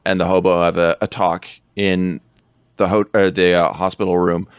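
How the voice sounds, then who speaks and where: A man's voice: low voice, little pitch movement, moderate pace, clean tone, no room sound, highs cut off. A man co-hosting a podcast, rambling through a film recap in casual chat, laughing often.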